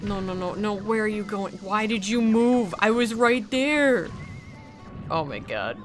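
A woman giving loud, profane commentary over gameplay, scolding and cheering the characters on screen and laughing often. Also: mid-range voice, expressive, a little slow, soft background music. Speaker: gaming video creator.

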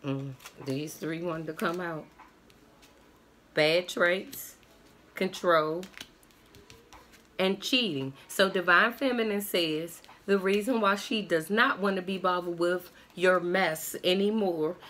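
Woman doing tarot, real sassy and blunt, swears a lot, talks slow, bright voice. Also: medium pitch, a little hiss or hum. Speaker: tarot reader. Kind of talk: tarot reading monologue.

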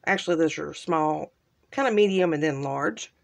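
A woman hosting a casual crafting unboxing, gushing softly and trailing off into quiet asides. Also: deep voice, normal speed, gravelly. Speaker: crafting channel host. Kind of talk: casual unboxing show-and-tell.

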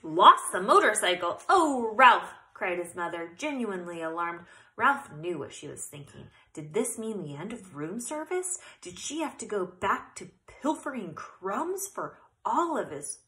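Expressive woman reading a storybook aloud. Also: lowish voice, measured pace, poor audio. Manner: expressive, occasional self-corrections. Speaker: narrator.

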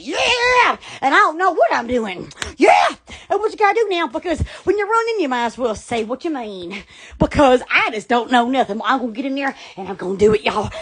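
A woman with a Southern US accent from Alabama, hosting a live stream in excitable, gushing casual chat full of exclamations and laughter. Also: high voice, slight background noise.

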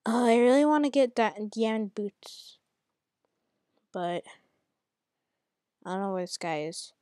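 A woman giving live commentary on her own gameplay at home, muttering to herself and then yelling at opponents in exasperation, with mild cursing. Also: expressive, measured pace, dry recording, clean studio sound. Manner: swings from low muttering to angry yelling at opponents. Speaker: gamer.

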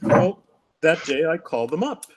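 A man's voice: fairly high pitch, very animated, normal speed, very noisy. An older man on a discussion panel, telling a story vividly and acting out the quotes. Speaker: panel guest recounting captivity.

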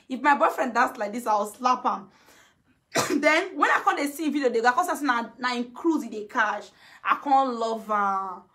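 A woman's voice: fairly high pitch, bright, forceful tone. A Nigerian woman vlogger in a casual gossipy chat, talking freely and laughing often. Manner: chatty, laughs often, mimics others.

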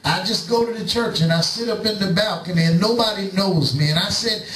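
Middle-aged preacher, high voice, slow story with voices for each side, big roomy church sound. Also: male voice, fairly bright tone, recorded from a distance, a little hiss or hum. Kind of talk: sermon storytelling. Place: church sanctuary. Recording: echoey church, preacher away from the mic.

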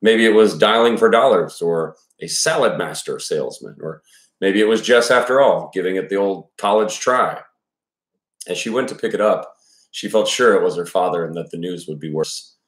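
A man's voice: sits low, normal speed. A man reading a novel aloud, then commenting casually with profane asides and many fillers. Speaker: audiobook reader and commentator. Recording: echoey room.

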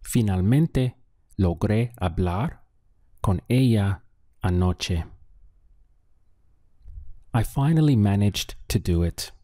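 A man teaching a Spanish lesson, slowly and patiently, with pauses for the listener to think. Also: fairly low pitch, lively intonation, warm tone, no echo, clean studio sound. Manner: slow, patient, with drill pauses. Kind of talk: audio language lesson.

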